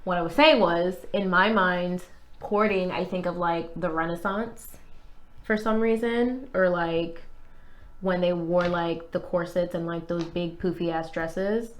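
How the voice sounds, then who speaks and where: A young woman co-hosting a casual podcast chat, sarcastic with deadpan jokes. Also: lowish voice, unhurried. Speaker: podcast co-host.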